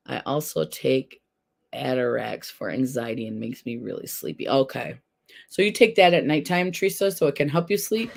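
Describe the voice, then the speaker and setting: A woman's voice: a bass voice, a little mellow. A woman hosting a casual live stream, chatting candidly and answering viewers directly, recorded at home. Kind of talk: casual live chat, reading viewer comments.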